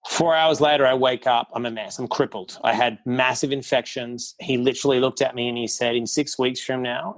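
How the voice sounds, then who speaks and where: A middle-aged man speaking as a podcast guest, with a voice of ordinary pitch. He tells his story in a blunt, candid, unpolished way. He acts out other people's quoted words as he goes. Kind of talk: casual storytelling interview.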